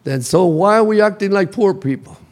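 A male pastor preaching a sermon in a church, calling the congregation to repeat after him and building to shouts. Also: high voice, brisk. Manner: call-and-response preaching, rising to shouts. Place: church sanctuary.

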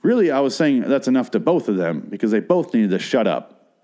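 A man's voice: medium pitch, very animated, brisk, dark tone. A man in his thirties hosting a podcast, telling a story in a rambling and profane casual monologue with crude asides. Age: 30s. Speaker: podcast host.

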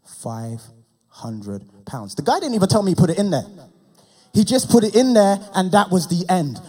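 A young adult man preaching, telling a personal testimony in an animated way that builds to loud, impassioned preaching. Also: high-pitched, moderate pace, husky.

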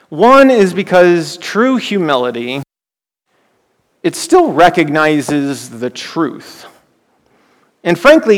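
Gravelly pastor preaching in a reverberant hall. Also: male voice, fairly high pitch. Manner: conversational, with frequent rhetorical questions and restarts. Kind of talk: sermon.

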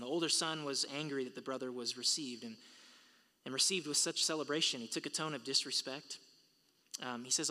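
Pastor, male, bright forceful voice, preaching in a church with long hall reverb. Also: mid-range voice, fairly quick. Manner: preaching, building to emphatic peaks. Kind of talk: sermon. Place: church sanctuary.

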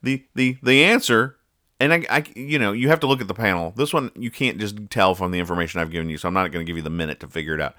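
Man hosting a podcast, low pitch, bright forceful tone, dry sarcastic delivery. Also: quick pace. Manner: dry, sarcastic explaining of jokes. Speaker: podcast host. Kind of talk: casual podcast chat explaining comic strips.

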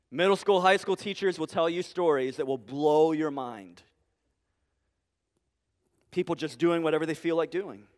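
Animated man preaching with high voice. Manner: animated, humorous, conversational preaching with rhetorical questions. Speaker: pastor. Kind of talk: sermon. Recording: long hall reverb.

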